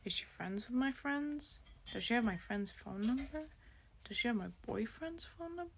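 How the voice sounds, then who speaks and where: A woman's voice: on the high side, expressive, normal speed, a little hiss or hum. A woman YouTuber in a storytime vlog, reacting dramatically with exclamations and sudden whispers.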